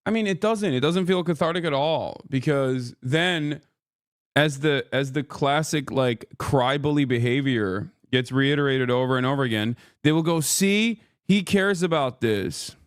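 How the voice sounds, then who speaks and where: A man's voice: medium pitch, moderate pace, clear, resonant tone, dry recording, clean studio sound. A man in his thirties streaming, ranting angrily and profanely about another creator, often tagging his points with "okay?". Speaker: streamer reacting to a video. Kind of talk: angry live-stream rant.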